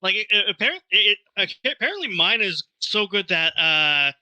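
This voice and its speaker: A man's voice: high-pitched, lively intonation, moderate pace, bright, forceful tone, low-quality recording. A man co-hosting a podcast, telling rambling stories in casual chat with fillers and cursing. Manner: rambling, storytelling with fillers and profanity. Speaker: podcast co-host.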